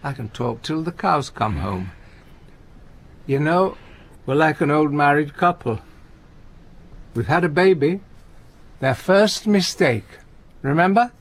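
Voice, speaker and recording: An actor playing a gentle, anxious older comedian in a radio play, talking in halting, stammering restarts. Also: male voice, fairly high pitch, animated, heavily acted. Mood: pleading. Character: aging male comedian, gentle, anxious, talkative. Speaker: visiting friend and comedy partner.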